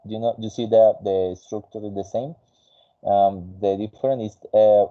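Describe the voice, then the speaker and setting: Low-voiced man teaching English, patient. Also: muffled recording. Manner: patient, coaching, many fillers. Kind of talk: online English class.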